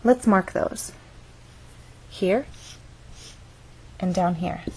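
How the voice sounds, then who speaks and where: A woman teaching English pronunciation, explaining intonation slowly and carefully and demonstrating patterns on example words. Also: lowish voice, dark tone, slight background noise, poor audio. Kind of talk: slow, careful instructional explanation.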